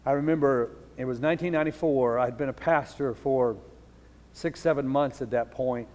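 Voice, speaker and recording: Man, middle-aged pastor, earnest sermon, goes quiet and low for grief, long church reverb. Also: moderate pace. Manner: earnest storytelling, drops low and soft for grief.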